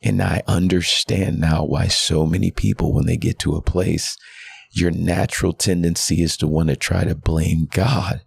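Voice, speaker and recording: A pastor in his thirties speaks with an exceptionally deep voice that has a heavy fry. The tone is husky and rough around the edges. He tells his story earnestly and from the heart, on a podcast mic. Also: fairly even intonation, normal speed. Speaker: guest pastor. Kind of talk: candid personal testimony.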